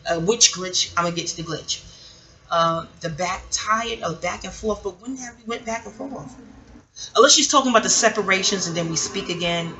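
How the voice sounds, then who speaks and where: A woman's voice: medium pitch, moderate pace, pushed and bright, slight background noise, poor audio. A woman vlogging a rambling personal monologue, chatty and digressive, often stopping to fire off pointed rhetorical questions. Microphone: audio-only home recording.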